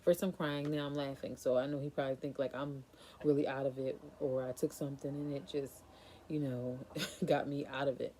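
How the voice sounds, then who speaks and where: A woman's voice: very deep voice, level tone, a little fast, mellow, slight background noise. A young woman vlogger casually telling a frightening personal story, with many fillers and nervous laughs.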